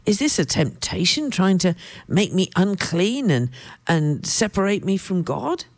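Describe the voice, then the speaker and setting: A woman's voice: big pitch swings, unhurried, no echo, full character voice. A woman preacher voicing the apostle Peter as a fearful, protesting man. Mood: alarmed. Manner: high, alarmed protesting.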